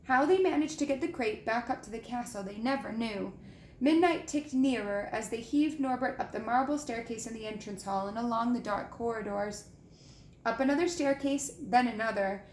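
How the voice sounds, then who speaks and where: A woman's voice: on the high side, normal speed, a little hiss or hum. Woman reading a storybook aloud. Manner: gentle, expressive storytelling. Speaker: reader. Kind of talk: reading a children's book aloud. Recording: echoey room with faint ambience.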